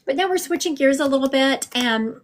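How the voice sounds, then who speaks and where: In a high, animated voice that runs a little fast, a woman chats with livestream viewers while offering psychic readings from her home. She comes across as warm-hearted and chatty, speaking right to her audience.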